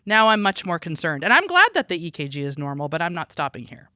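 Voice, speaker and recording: Bright-voiced man reasoning through a case. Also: on the high side, wildly swooping pitch, fast talker, no room sound, clean studio sound. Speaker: emergency physician. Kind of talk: case discussion podcast.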